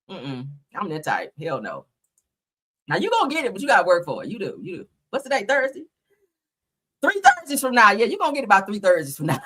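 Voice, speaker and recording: Woman host spilling tea, high-ish voice, blunt and cussing, laughs a lot. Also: bright, forceful tone, slightly rough. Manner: blunt, profane, laughing often. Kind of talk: casual gossip commentary.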